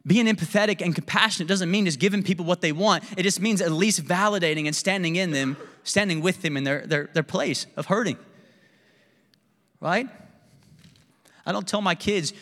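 A pastor with a high, brisk, slightly bright voice preaches a sermon in a church sanctuary. He's candid and self-deprecating in a conversational way, and the large hall is audible.

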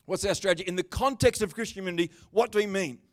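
High-voiced, animated male preacher. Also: rapid-fire. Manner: animated preaching, swings between loud bursts and calm asides; talks with the congregation by name, chatty and joking. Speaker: pastor. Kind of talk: sermon. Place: church service.

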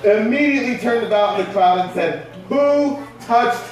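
Preacher with a high voice in an echoey hall. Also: male voice, fast talker, recorded from a distance. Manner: conversational preaching with rhetorical questions. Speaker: pastor. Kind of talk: sermon.

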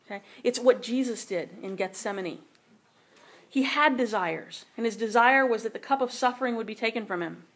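A woman's voice: a little high, moderate pace. A woman teaches a sermon in a plain, conversational voice. She keeps checking in with her listeners as she goes. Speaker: Bible teacher.

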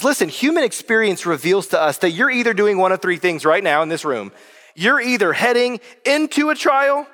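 A man's voice: sits high, fairly bright tone, in a large hall. A pastor preaching a sermon to his congregation in a casual, conversational way, often calling them guys. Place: church sanctuary.

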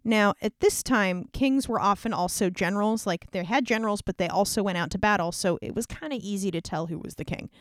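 A woman's voice: mid-range voice, fairly quick, few pauses, dry recording. A woman casually retelling an old scripture story in a slangy, irreverent way, peppered with "like". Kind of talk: casual comedic Bible retelling.

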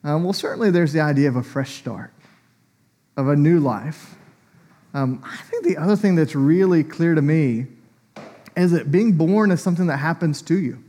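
A man preaching a sermon in a conversational, animated way, laughing often as he teaches. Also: a little high, moderate pace.

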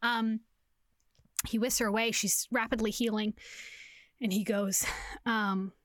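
Recapping a romance novel on a podcast she co-hosts, a young woman tells it casually and animatedly, voicing characters, cursing and laughing a lot. She speaks unhurriedly in a slightly high voice, with clean studio sound and no room sound.

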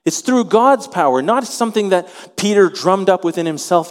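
A man preaching a sermon, animated, acting out the voices of the people in his story. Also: high-pitched, moderate pace, long reverb tail. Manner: animated, acts out voices in quotes. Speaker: pastor.

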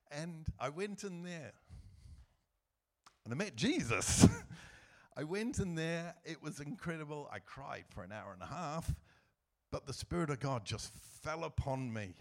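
A middle-aged man giving a personal church testimony as a guest speaker, earnest and emotional, with soft laughs as he tells his story. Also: on the high side, lively intonation, a little slow.

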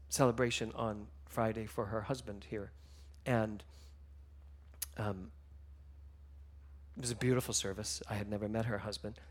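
A man giving a sermon, telling stories with emotion, moving between hushed and loud passages. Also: on the low side. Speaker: minister.

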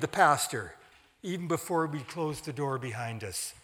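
A man reading a story aloud in a measured, dramatic way. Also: fairly high pitch, animated, fairly bright tone. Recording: long hall reverb.

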